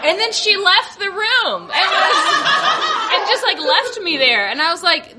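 A woman comedian telling a stand-up story on a live stage, animated and laughing often between lines. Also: high-pitched, normal speed. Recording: loud audience and noise.

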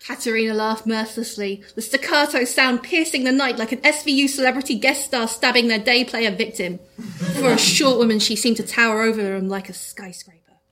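A woman's voice: fairly high pitch, brisk, bright, forceful tone. Woman reading a parody story with amusement. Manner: amused, often breaking into laughter. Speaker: story reader, host.

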